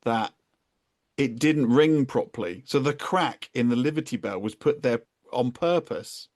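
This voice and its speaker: A man from England with a British accent, hosting a podcast and chatting in a relaxed way. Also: mid-range voice, a little slow. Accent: British English. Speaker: podcast host. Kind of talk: casual chat.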